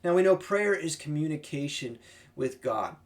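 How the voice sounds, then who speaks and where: A man explaining a Bible passage in a relaxed, conversational study talk. His voice sits a bit higher than most men's. He thinks aloud as he goes and often turns to listeners with a quick "right?". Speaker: Bible teacher.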